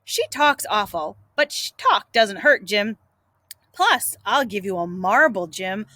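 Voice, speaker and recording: A woman's voice: takes it slowly, dry recording, exaggerated voice. A woman voicing a cunning, boastful boy in a read-aloud storybook, talking in an eager, coaxing way. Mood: persuading. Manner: coaxing, eager, raised excited pitch.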